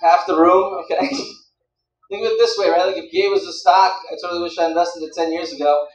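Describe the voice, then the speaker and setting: A young man doing stand-up in a club, rambling and teasing the crowd in a fairly high voice. The sound is roomy and distant, caught from out in the room. He works a handheld stage mic. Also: steady tone, fairly quick. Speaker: stand-up comedian. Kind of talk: stand-up comedy.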